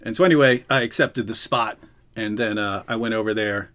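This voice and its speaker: A man's voice: on the low side, a little fast, fairly bright tone. A man hosting a casual live chat, telling stories with many restarts and frequent laughter. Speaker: host. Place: indoors, live stream.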